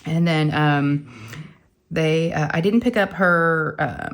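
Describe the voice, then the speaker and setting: Woman, middle-aged, casual crafting chat, somewhat low pitch, rambling storyteller. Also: slow pace. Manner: rambling storyteller, acts out quotes. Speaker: crafting channel host.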